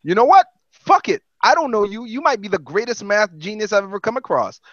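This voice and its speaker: A man on a podcast telling a story in casual, profane, animated talk. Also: sits high, brisk, no echo, muffled recording. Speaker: podcast co-host.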